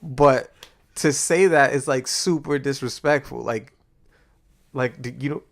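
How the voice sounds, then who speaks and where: Animated man telling a casual story. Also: medium pitch, measured pace, vocal fry. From Boston. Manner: animated storyteller, acts out dialogue, swears freely. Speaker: podcast co-host.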